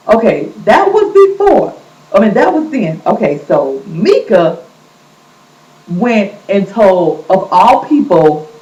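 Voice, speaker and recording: A woman recaps a show in a lively, gossipy way, her voice swinging up and down as she acts out other people's lines. She sits back from the mic in an echoing room. The recording sounds dull and lo-fi. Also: medium pitch, takes it slowly. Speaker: vlog host recapping a reality show. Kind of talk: casual chatty recap. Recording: echoey, distant, dull lo-fi sound.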